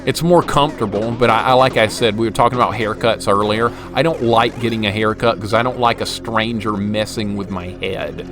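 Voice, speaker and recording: A young man streams a retro game live with game music behind him, talking over his play in a lowish, steady voice that moves briskly with few pauses. He gets frustrated, jokes, and laughs as he reads and answers his chat.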